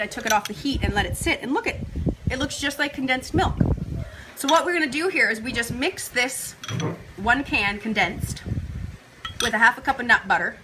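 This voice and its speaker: A woman hosting a casual live cooking demo, chatty and full of fillers, talking to viewers as you guys. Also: a little high. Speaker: cooking show host. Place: kitchen counter. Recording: clattering kitchen dish noise. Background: cutlery and pot clatter.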